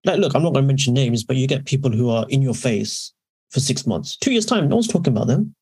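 A man's voice: medium pitch, animated, quick pace, darkish tone, slightly rough. A man co-hosting a podcast, telling long rambling stories in casual chat and often correcting himself. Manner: rambling, anecdotal, with self-corrections. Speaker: podcast co-host.

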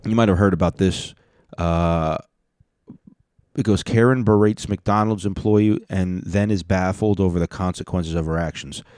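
Deep-voiced sardonic man commenting on videos. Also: steady tone, moderate pace, a little mellow, no echo. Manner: sardonic, profane, mocking. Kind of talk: casual reaction commentary.

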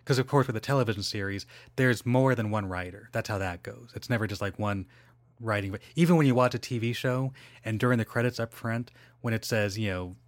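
A man's voice: fairly low pitch, a little fast, dry recording. A man hosting a solo podcast, chatting casually in a rambling, digressive way with lots of fillers and self-corrections. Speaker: podcast host.

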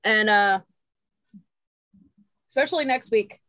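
A woman co-hosting a podcast in casual chat, talkative and quick to laugh. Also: medium pitch, sharp tone, slight background noise. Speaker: podcast co-host.

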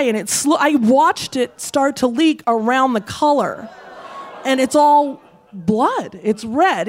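With a high voice, a woman tells a funny story from her own life, swearing freely and staying animated. She shouts out the quoted lines as she acts them and laughs all the way through.

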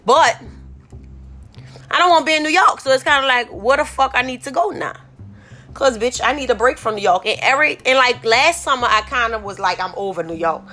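A woman's voice: high voice, brisk, sharp tone, soft background music. A woman from New Orleans with a Southern accent, hosting a solo podcast on her phone, ranting irritably with lots of swearing and repeated "like I said.". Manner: profane, irritated, rambling, repeats "like I said". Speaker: podcast host.

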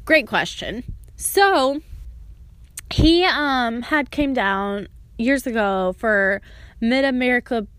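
A woman's voice: a little high, lively intonation, slow, fairly bright tone, no room sound. A woman sharing a heartfelt personal testimony, earnest and storytelling, now and then acting out remembered words.

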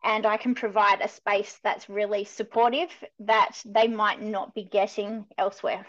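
An upbeat, energetic woman, a dog trainer speaking as a podcast guest. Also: mid-range voice, normal speed. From Australia. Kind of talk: podcast interview. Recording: dull, muffled sound.

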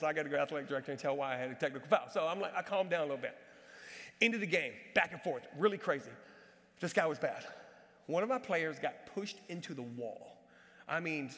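A male pastor delivers a storytelling sermon in a fairly high voice. He moves between animated, near-shouted bursts and quiet, earnest asides. A long reverb trails each phrase. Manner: animated, swings from shouting to hushed. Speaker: pastor and basketball coach.

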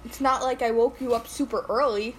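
A teenage girl co-hosting a casual podcast, loud, teasing and quick to laugh. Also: on the high side, steady tone, slight background noise, rough recording. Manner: giggly, loud, quick to tease. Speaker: podcast co-host. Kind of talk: casual chat.

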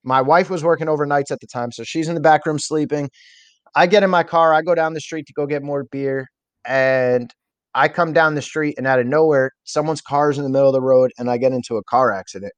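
A man's voice: fairly high pitch, a little fast, dry recording. Man, young adult, interview guest, rambling candid storytelling, dry close sound. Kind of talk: personal story in a podcast interview.

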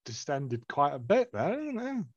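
A man's voice: on the high side, a little slow, no echo, dull audio. A man co-hosting a casual podcast, teasing his partner and laughing often. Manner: teasing, laughs a lot, lively. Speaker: podcast co-host. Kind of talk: casual chat.

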